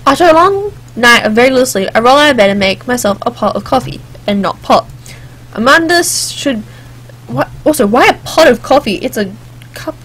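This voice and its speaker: A woman's voice: on the high side, fairly bright tone, slightly rough. Chatty woman reading a game aloud. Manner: chatty, jokey asides, sings snatches. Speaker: let's play gamer. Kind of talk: reading game text aloud with casual commentary.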